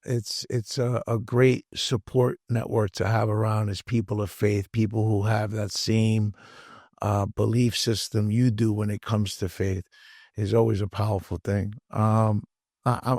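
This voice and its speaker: A man's voice: fairly low pitch, level tone, measured pace, darkish tone, dry recording, clean studio sound. A man hosting a podcast, asking questions and affirming his guest in a reflective way, with some stammered restarts. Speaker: podcast host. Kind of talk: conversational interview.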